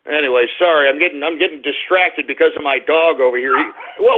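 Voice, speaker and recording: A man's voice: on the high side, fast talker, hardly any pauses. A man hosting a call-in radio show, ranting and repeating himself as he scolds his crying dog on air. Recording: tinny phone-like radio stream.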